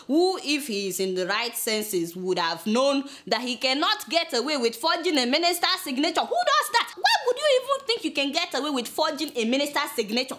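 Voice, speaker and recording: A woman's voice: high voice, big pitch swings, a little fast, few pauses, a bit bright, a little hiss or hum. A woman with a Nigerian accent hosting a satirical news commentary, mocking and exclaiming and talking back to her crew. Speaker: host.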